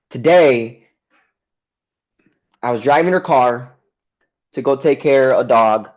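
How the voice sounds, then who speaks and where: A man leads a men's coaching call in a blunt, unfiltered way, swearing freely and getting heated as he recounts a clash. His voice sits mid-pitch. The call audio is a bit dull and lo-fi. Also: darkish tone. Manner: blunt, frequent swearing, heated when retelling conflict. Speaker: men's mental health coach. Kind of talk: coaching call, personal story. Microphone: video call.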